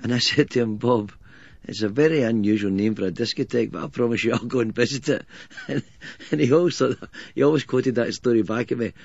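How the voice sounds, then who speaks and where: A man's voice: mid-range voice, a little fast, creaky, darkish tone, dull audio. A man, telling a story about a friend in a wry, laughing manner. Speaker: interviewee recalling a friend. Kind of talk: reminiscing interview.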